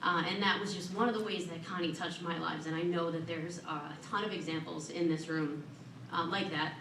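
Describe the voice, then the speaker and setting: Woman inductee, low-ish voice, earnest podium speech, echoey hall, heard from a distance. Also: steady tone, brisk. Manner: earnest and warm, with self-deprecating humor. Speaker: hall of fame inductee giving acceptance speech. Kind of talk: prepared acceptance speech. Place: large event hall at an awards ceremony. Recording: echoey room, voice from far off.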